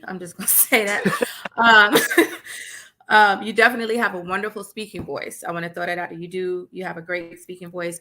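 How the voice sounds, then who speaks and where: A woman's voice: on the low side, creaky, pushed and bright. A woman judging a poetry slam, giving a frank live critique. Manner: frank, self-aware laughter. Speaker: judge.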